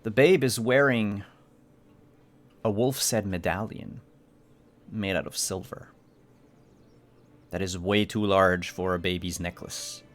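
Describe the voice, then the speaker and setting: Low-voiced man narrating as game master. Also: fairly even intonation. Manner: measured, descriptive narration with fillers.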